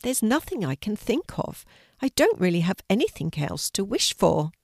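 A woman voicing an excited, sweet little girl in a storybook, eager and breathless. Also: mid-range voice, normal speed, vocal fry, no echo, studio quality. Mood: wistful. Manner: eager, wide-eyed and breathless.

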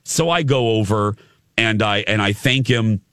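A man telling a story in casual conversation, lively, with frequent restarts. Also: lowish voice, measured pace, no echo, clean studio sound. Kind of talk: casual anecdote.

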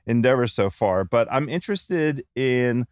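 A man's voice: mid-range voice, lively intonation, a little slow, a little mellow, clean tone, no room sound, studio quality. A man hosting a podcast, chatting casually and joking with guests. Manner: upbeat, jokey. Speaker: podcast host. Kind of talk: casual chat with ad read. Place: away on a trip, remote call.

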